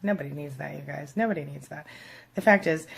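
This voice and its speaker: A woman with a gravelly, husky voice hosts a casual advice vlog. She speaks straight to her viewers in a chatty way, full of fillers. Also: sits low, brisk. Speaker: vlog host giving relationship advice. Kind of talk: casual talk to camera.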